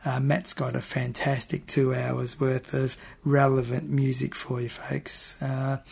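A man presenting a music radio show in a relaxed, halting way with many fillers. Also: mid-range voice, creaky, husky.

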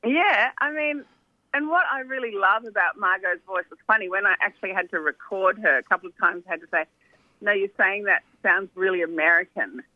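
A woman's voice: medium pitch, a little fast, dry recording. A woman documentary filmmaker, talking animatedly on the phone with lots of "you know" asides. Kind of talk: phone interview, chatty storytelling. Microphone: telephone. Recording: tinny phone line, dry.

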